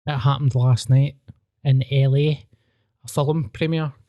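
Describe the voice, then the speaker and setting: A man's voice: mid-range voice, fairly even intonation, measured pace, warm tone, no echo, highs cut off. A Scottish man with a Glasgow accent, hosting a podcast and telling rambling, sweary stories in casual chat. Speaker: podcast host.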